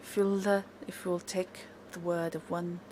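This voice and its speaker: A woman voicing a wary captive male elf servant, speaking in a quiet, measured, grave way. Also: lowish voice, level tone, slight background noise, natural voice.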